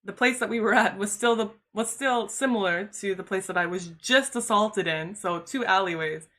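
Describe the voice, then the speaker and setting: A woman's voice: mid-range voice, moderate pace, sharp tone. A woman streamer telling a personal story in casual chat, talking loosely and filling her sentences with "like" and "you know". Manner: chatty, filler-heavy, uses "like" constantly.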